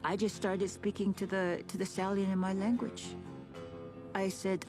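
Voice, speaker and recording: A woman's voice: fairly low pitch, fairly even intonation, normal speed. A woman telling a personal story, acting out the voices of the people she quotes. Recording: music bed under the voice.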